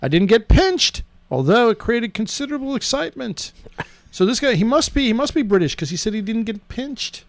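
A man co-hosting a podcast in casual chat, reading a story aloud in a halting way, with fillers and teasing asides. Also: very high-pitched, big pitch swings, no echo.

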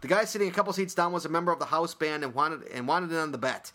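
Reading listener emails on the casual podcast he co-hosts, a man who has a son jokes around, laughs often and swears casually. His voice is fairly high-pitched and sharp, and he talks fast.

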